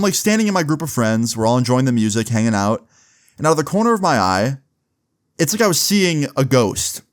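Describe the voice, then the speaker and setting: A young man casually telling a personal story in a slangy, laid-back way, full of "like" and "bro". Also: medium pitch.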